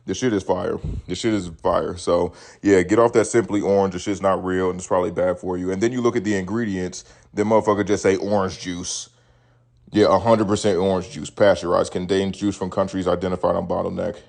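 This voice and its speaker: A man's voice: deep voice, vocal fry. A man in his thirties hosting a solo podcast, swearing freely as he rambles and reads news stories aloud with his own takes. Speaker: podcast host. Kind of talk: casual solo podcast commentary.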